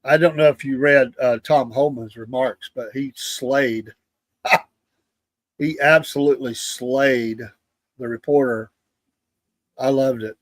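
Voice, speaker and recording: A man's voice: medium pitch, steady tone, takes it slowly, pauses often, no room sound. Indignant man, dry close sound. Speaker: show co-host. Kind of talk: casual political chat.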